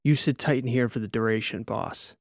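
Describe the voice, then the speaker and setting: A sardonic, commanding squad leader in a sci-fi audiobook, read by a male narrator, giving orders in a low, gravelly voice. The sound is close and dry. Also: a little fast, no room sound, natural voice. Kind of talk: audiobook character voice.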